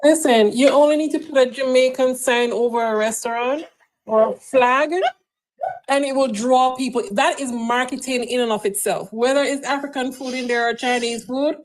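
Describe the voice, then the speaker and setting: A woman's voice: fairly high pitch, rough recording. A woman panel guest on a live talk show, speaking emphatically and proudly. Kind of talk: casual discussion.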